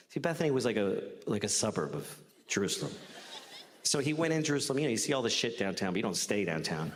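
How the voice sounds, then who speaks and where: Male comic, lively pitch swings, profane riffing; live hall reverb. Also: fast, slight background noise. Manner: conversational, profane, rising to incredulous rants. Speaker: stand-up comedian. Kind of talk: stand-up comedy set. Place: comedy stage before audience.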